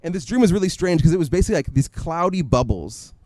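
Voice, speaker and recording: Guy preaching, chatty and animated, tells stories, kinda high voice, no room echo. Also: quick pace. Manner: conversational, animated storytelling with quoted asides. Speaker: pastor. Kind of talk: sermon.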